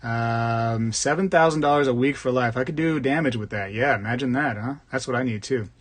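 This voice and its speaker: A man's voice: mid-range voice, fairly quick, no echo. A man hosting a casual live stream, rambling, chuckling and reading viewer comments aloud. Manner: rambling, chuckling, reads chat messages aloud. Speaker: livestream host.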